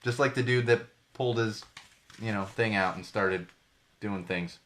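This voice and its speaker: The man's fairly low voice carries a fairly bright tone and moves at a normal speed. He's a podcast host doing a solo live-stream rant in a small home studio, cursing heatedly about the news and repeating phrases to drive points home.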